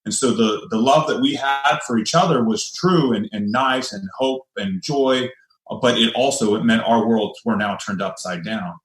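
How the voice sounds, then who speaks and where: A man in his forties from the United States, a guest and army veteran, telling his story in a measured, steady way with some restarts. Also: medium pitch. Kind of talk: personal storytelling. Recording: echoey room.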